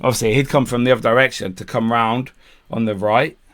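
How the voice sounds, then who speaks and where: Brisk and fairly bright, his mid-range voice holds a steady tone. The man co-hosts a podcast and rolls through a long camping anecdote in casual talk, swearing plenty, voicing the quotes, and laughing as he goes.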